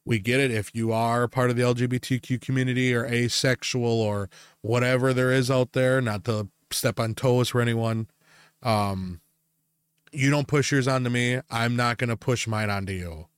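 A man's voice: medium pitch, steady tone, normal speed, clear, resonant tone, no echo, studio quality. A man co-hosting a casual podcast, rambling with plenty of fillers and swearing freely. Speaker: podcast co-host.

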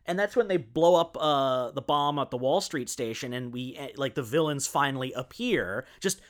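A man's voice: mid-range voice, animated, moderate pace. A man co-hosting a podcast, chatting casually about a film with plenty of "like" and fillers. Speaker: podcast co-host. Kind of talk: casual movie discussion.

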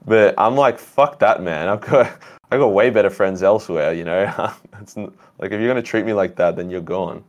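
Very low voiced guy, blunt and sweary, chatting on a podcast. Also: moderate pace. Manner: blunt, heavy swearing, animated storytelling. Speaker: guest, content creator. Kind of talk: casual podcast chat.

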